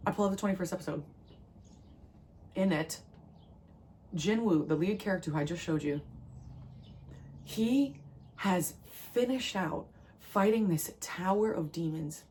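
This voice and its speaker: A woman's voice: on the low side, a little mellow, a little hiss or hum. A woman from New Jersey, a tarot reader, giving a spiritual channeled message in an earnest, rambling, emotional way. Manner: earnest, rambling, emotional delivery in quick bursts.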